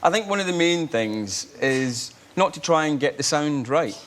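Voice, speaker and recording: Scottish guy, actor on a talk show, animated, rambles and jokes around. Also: fairly high pitch, normal speed, a little hiss or hum. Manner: animated, jokey, rambling with restarts. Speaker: guest actor. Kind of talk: chat show interview. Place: TV studio.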